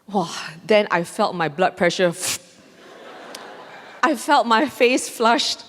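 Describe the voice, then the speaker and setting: A woman's voice: mid-range voice, slow pace, slight background noise. Woman telling a story in a reverberant hall. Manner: animated, acts out dialogue with laughs. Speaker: mindfulness trainer giving a conference talk. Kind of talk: storytelling lecture. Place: large conference hall.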